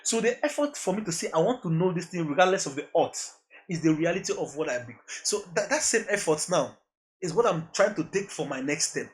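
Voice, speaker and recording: With a high-pitched, brisk voice and lively intonation, a Nigerian music producer slips into Pidgin as a podcast guest. The casual interview chat finds him earnest and reflective, repeating phrases and laughing often.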